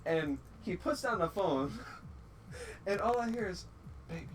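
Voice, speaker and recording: A man's voice: sits high, measured pace. A man telling a funny story in a casual, profane way, acting out the people he quotes. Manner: animated, profane, acts out quotes. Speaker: guest storyteller. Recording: distant mic with clear background noise.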